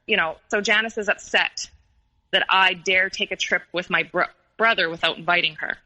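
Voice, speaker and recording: A woman's voice: on the low side, sharp tone, poor audio. A woman recounting a painful personal story in an interview, hesitant and full of fillers and restarts. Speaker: guest telling her story.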